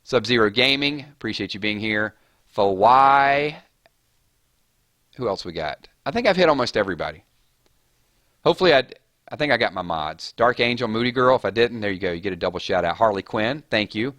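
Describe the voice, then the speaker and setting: A man's voice: fairly low pitch, expressive, fairly bright tone, dry recording, studio quality. A man hosting a casual live stream, rattling off chat names and thanking viewers. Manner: rapid-fire, chatty, reading names off chat.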